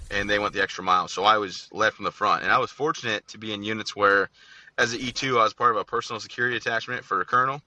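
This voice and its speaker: Fast-talking, bright-voiced veteran man. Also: on the low side. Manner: joking, blunt, fast-talking storyteller. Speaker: guest, Army veteran. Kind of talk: casual storytelling interview.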